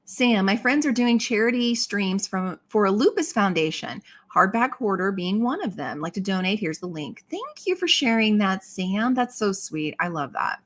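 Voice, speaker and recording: A woman's voice: mid-range voice, animated, normal speed, few pauses. A woman in her thirties hosting a livestream and reading viewer comments in casual chat, bubbly and exclamatory, laughing often. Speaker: livestream host.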